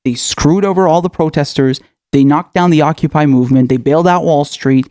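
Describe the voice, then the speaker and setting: A man's voice: on the high side, a little fast, dark tone, no echo, clean studio sound. A male political commentator in a furious, profane rant, firing off angry questions.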